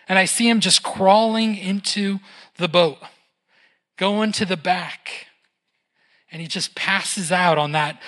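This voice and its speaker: An unhurried preacher who takes the sermon at a slow, easy pace. The delivery stays conversational, with a questioning "right?" tucked between thoughts and a light touch of humor. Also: mid-range voice, bright, forceful tone. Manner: conversational, keeps asking "right?".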